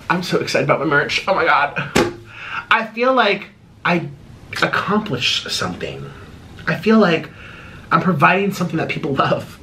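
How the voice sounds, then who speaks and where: A man hosting an eating vlog at home, chatting casually while he eats, swinging between bubbly high exclamations and low mumbled asides. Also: big pitch swings, a little slow, pauses often, bright, forceful tone, slight background noise. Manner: chews and talks while eating. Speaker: mukbang host.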